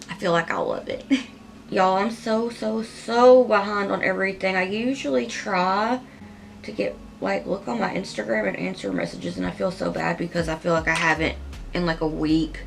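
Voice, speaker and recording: A woman doing a casual makeup tutorial, rambling in a chatty, heartfelt way and peppering her talk with "like". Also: mid-range voice. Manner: rambling, chatty and heartfelt, with frequent "like" and soft laughs. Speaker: makeup vlogger.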